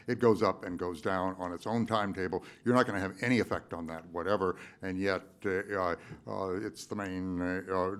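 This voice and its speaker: A man giving wry public testimony at a county board meeting, halting often with filler sounds. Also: on the low side. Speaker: public commenter.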